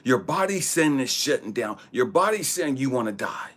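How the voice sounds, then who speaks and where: A man voicing a grave, calm male doctor. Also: medium pitch, moderate pace, pitched above the performer's own voice.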